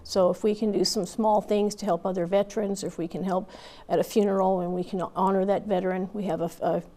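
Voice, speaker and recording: A woman's voice: medium pitch, little pitch movement, fairly quick, warm tone. A woman in her fifties, a Marine Corps veteran, telling her story candidly in an interview with plenty of fillers and restarts.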